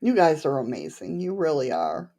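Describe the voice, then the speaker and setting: A woman with a slight lisp hosts a livestream, chatting loosely and rambling as she answers her viewers. Her voice sits a little low and sounds mellow and warm. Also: sing-song, moderate pace. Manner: rambling and chatty, laughs often, talks to chat viewers. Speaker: livestream host. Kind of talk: casual livestream chat.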